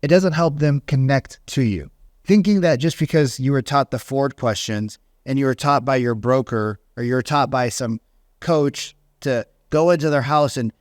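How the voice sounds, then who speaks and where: A middle-aged man, a real estate coach, talking in an animated podcast monologue and acting out the people he quotes. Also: medium pitch, moderate pace, no room sound, clean studio sound. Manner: animated storytelling, acts out quoted voices.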